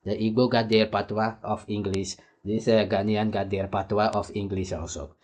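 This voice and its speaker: A man's voice: on the low side, little pitch movement, normal speed, a little mellow. A man from Suriname hosting a reaction video, talking in a rambling, casual way and acting out conversations in raised voices. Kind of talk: casual commentary.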